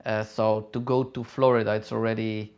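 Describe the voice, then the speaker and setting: A middle-aged man, a travel vlogger and hairdresser, reads viewer questions aloud in a live Q&A and answers in halting, non-native English with many fillers. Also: fairly low pitch, level tone, darkish tone. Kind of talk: live Q&A, casual chat.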